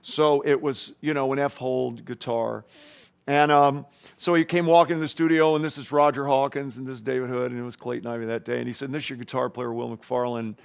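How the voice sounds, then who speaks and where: A man's voice: mid-range voice, fairly even intonation, a little fast, gravelly, clear, resonant tone. A man, a guest guitarist, rambling through anecdotes in a casual interview and acting out voices and guitar sounds.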